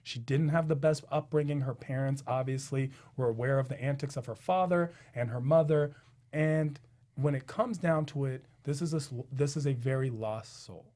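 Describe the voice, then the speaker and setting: A man's voice: medium pitch, normal speed. A man on a comedy panel, chatting casually and joking as he reacts to viral clips. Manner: animated, joking commentary.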